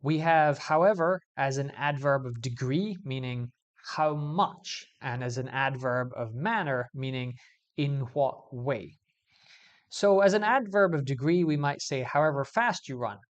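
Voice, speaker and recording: A man teaching English grammar in a video lesson, explaining clearly and stressing key words as he goes. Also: mid-range voice, measured pace.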